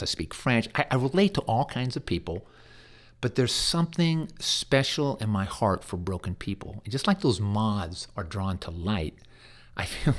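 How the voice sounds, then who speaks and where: A man who works as a hospice chaplain, telling stories in an interview in an earnest way, often stumbling and repeating his words. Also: lowish voice. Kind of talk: conversational interview storytelling.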